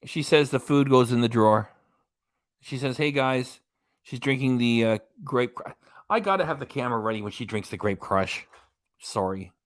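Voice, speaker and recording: A man's voice: mid-range voice, animated, normal speed. A man hosting a live reaction stream, giving casual running commentary with dry asides and reading out quotes. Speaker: reaction channel host.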